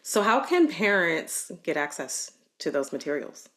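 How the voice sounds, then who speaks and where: A woman's voice: deep voice, very animated, unhurried, fairly bright tone. A woman hosting a podcast, asking eager, encouraging questions. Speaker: podcast host. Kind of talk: casual interview chat.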